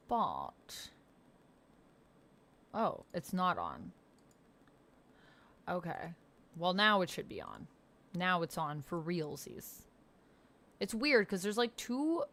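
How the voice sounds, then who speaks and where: A woman streamer chatting casually with her viewers. She rambles, reads chat aloud, laughs often and jumps high in pitch when she is surprised. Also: vocal fry, a bit bright. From Canada.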